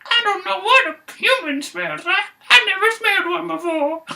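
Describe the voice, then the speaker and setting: Tiny whiny baby bear done by a guy, super high and squeaky. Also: normal speed, creaky, pushed and bright, distant mic, slight background noise, full character voice. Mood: plaintive. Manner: squeaky and plaintive.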